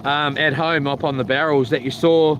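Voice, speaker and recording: A man's voice: fairly high pitch, fairly even intonation, moderate pace, a little hiss or hum. Rambling New man, lakeside. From New Zealand. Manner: rambling, colloquial, mimics others loudly. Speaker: vlogger. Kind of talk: casual storytelling. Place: outdoors by a lake.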